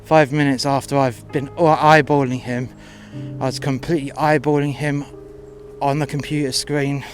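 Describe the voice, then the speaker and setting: A man's voice: mid-range voice, little pitch movement, moderate pace, faint music behind. A man telling a first-person story in a crude, confrontational way, acting out both sides of a row.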